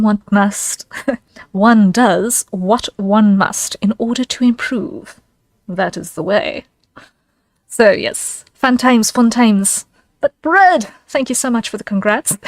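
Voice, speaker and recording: Giggly streamer woman, bright and close. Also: fairly high pitch, dry recording. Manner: chatty, giggly, reads and thanks chat. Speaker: VTuber streamer. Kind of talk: casual stream chat.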